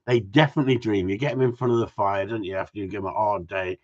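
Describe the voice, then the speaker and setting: A man's voice: lowish voice, steady tone, fast, a little mellow. A man, a gundog trainer, chatting casually with viewers outdoors in the cold, reading their comments and joking as he rambles. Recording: muffled lo-fi sound.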